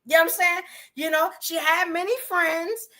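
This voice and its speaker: A woman's voice: extremely high pitch, fairly even intonation, normal speed, sharp tone. A woman hosting a livestream, chatting casually with viewers, full of rhetorical questions and fillers. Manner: chatty, addresses chat viewers directly. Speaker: podcast host.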